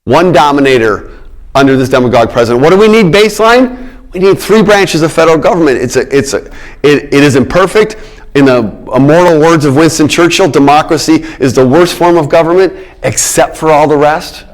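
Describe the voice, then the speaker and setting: A man's voice: on the high side, a little fast. Emphatic middle-aged male lecturer. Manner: emphatic, repeats key words, checks in with "all right?". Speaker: political science lecturer. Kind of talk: public lecture.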